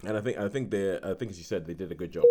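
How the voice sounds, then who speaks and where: A man with a fairly low voice hosts a casual film podcast. He rambles through his points, restarting sentences and laughing as he goes. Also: racing, mellow. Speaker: podcast host.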